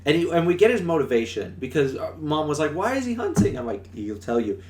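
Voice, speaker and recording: A man co-hosting a casual film podcast, recapping scenes in an animated way and acting out characters' lines. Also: a little high, fast talker. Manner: animated retelling with acted-out character bits. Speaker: podcast co-host. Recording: echoey room with faint hum.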